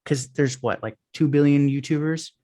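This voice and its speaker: A man guest on a podcast, telling stories in a rambling, casual way with quick restarts, talking over a phone video call. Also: fairly high pitch, warm tone, no room sound. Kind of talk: casual interview chat.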